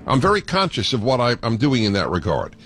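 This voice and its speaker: Radio host, animated and playful. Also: male voice, mid-range voice, a little fast. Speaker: radio talk show host. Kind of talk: call-in radio talk.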